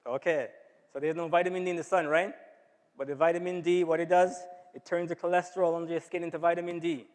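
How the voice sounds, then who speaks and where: A man giving an informal health talk to a church audience, often checking in with them by asking "right?". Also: on the high side. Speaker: health seminar speaker. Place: church hall. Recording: long hall reverb.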